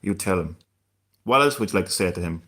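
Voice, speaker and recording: A man's voice: low-pitched, expressive, a little fast, a bit bright. A man hosting a gaming live stream in casual chat, hesitant and stammering, with frequent laughs.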